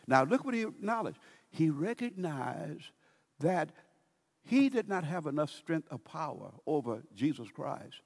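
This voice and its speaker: A male pastor preaching with a lively, swinging delivery in a slightly higher register, stretching out key words and circling back over his phrases. His voice rings with a long reverb from a large sanctuary. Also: gravelly. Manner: emphatic, drawn-out preaching with many restarts. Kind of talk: sermon.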